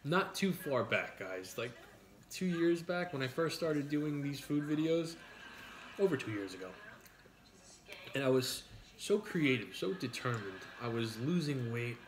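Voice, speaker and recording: A man's voice: mid-range voice, expressive, a little slow. A middle-aged man with a New York accent, hosting a casual eating video and joking his way through rambling stories. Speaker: mukbang host. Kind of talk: casual chat while eating.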